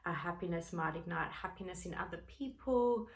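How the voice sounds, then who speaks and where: A woman's voice: fairly low pitch, moderate pace. A woman who is a parent and works with clients, giving a motivational teaching talk and acting out everyday scenes as she explains. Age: adult parent. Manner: expressive, acts out everyday scenes. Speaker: speaker on personal growth, works with clients.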